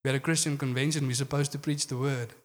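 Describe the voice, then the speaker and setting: A man's voice: medium pitch, steady tone, fast talker. Earnest male preacher in a reverberant hall. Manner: earnest, frequent "you know" fillers. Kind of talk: sermon.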